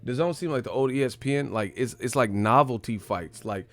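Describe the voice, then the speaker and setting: A man's voice: medium pitch, quick pace, a bit bright. A man hosting a live stream, casually reacting to chat with profane, mocking commentary.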